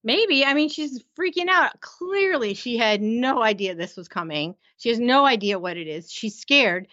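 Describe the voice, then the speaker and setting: A woman's voice: on the high side, expressive, normal speed, sharp tone, no room sound. A woman co-hosting a podcast in an easygoing, casual way, laughing often. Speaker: podcast co-host. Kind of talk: casual recap chat. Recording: slightly dull, muffled audio.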